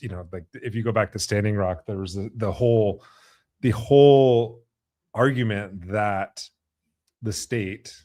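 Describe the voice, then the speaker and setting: A man's voice: on the low side, a little mellow, no echo, studio quality. A man hosting a podcast interview, talking thoughtfully with many fillers and restarts. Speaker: podcast host. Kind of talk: conversational interview.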